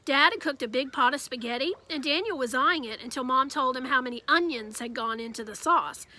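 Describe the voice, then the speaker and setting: A woman reading a children's novel aloud with lively storytelling. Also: high-pitched, a little fast. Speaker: reader.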